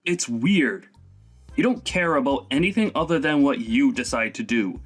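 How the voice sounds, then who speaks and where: Brief: man as a stern young son, indignant, mid-pitched. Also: animated, normal speed, soft background music, natural voice. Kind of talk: animated story voice acting.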